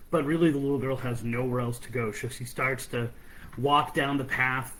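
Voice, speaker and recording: A man's voice: medium pitch, fairly even intonation, moderate pace, a bit bright, a little hiss or hum, rough recording. A man hosting a podcast, retelling a fairy tale in a chatty, conversational way. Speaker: podcast host, storyteller. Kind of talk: casual storytelling.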